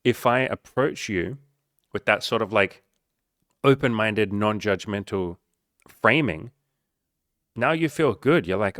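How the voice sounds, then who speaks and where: A man's voice: on the low side, lively intonation, slow pace, pauses often, fairly bright tone, no room sound, studio quality. A young man, a coach, talking straight to camera in a blunt, profane, earnest and encouraging way. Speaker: dating and life coach. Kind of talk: casual direct-to-camera talk.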